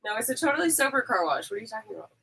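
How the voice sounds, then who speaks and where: A woman's voice: on the high side, big pitch swings, very fast, a crowd in the background, poor audio. A woman chatting casually, playful and sarcastic, calling herself a little too spazzy. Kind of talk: casual chat.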